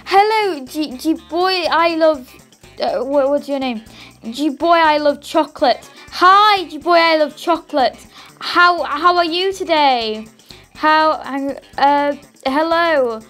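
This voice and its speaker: A young woman giving excitable let's play commentary, bursting into squeals and shouts. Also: high-pitched, takes it slowly, faint music behind. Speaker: gaming YouTuber.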